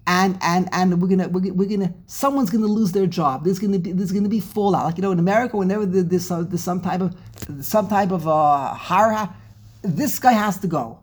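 A woman teaching an animated Torah class, emphatic and dramatic, with rhetorical questions and frequent restarts. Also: fairly low pitch, a little fast, breathy edge.

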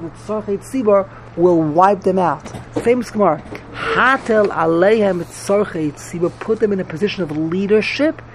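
A man's voice: sits high, slight background noise. A man teaching a Talmud class, repeating himself animatedly and mixing English with Hebrew and Yiddish terms.

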